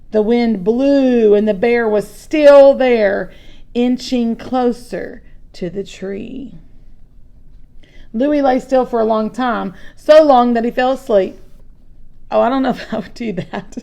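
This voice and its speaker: A woman reads a children's chapter book aloud at an unhurried pace, her voice somewhat high with a gravelly edge. She breaks off now and then for chatty comments. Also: mellow. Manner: chatty asides between story passages.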